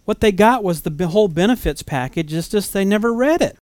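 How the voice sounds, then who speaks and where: Earnest preacher man, smooth dry voice. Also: high-pitched, expressive, fairly quick, a little mellow, no echo. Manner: earnest, conversational preaching with rhetorical questions. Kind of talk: sermon.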